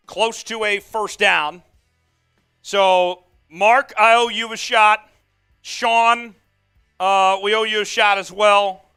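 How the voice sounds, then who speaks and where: A man's voice: high-pitched, bright, forceful tone, clean tone. A man hosting a live sports watch-along stream, fired up, calling the plays and reading out viewer comments. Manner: amped, hyped, calls plays and reads chat. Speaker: host.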